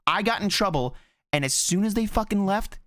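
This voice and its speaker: A man co-hosting a live-streamed podcast, chatting casually and swearing as he tells animated stories. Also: sits high, fairly quick, no echo, studio quality. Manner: animated storytelling, swearing freely. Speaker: podcast co-host. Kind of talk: casual chat.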